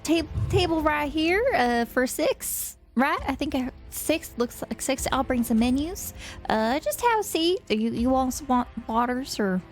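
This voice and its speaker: A woman's voice: high voice, animated, a little slow, soft background music, voice pushed up. Woman putting on a twangy country waitress. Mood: flustered. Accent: American country. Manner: hesitant, folksy welcome with many fillers. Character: middle-aged female diner waitress, friendly, jittery.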